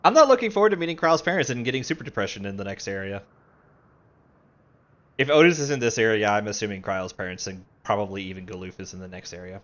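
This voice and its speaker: A man's voice: fairly low pitch, animated, quick pace, fairly bright tone, lo-fi sound. A man streaming a video game, rambling casually, swearing and mocking himself as he plays. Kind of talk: casual live game commentary.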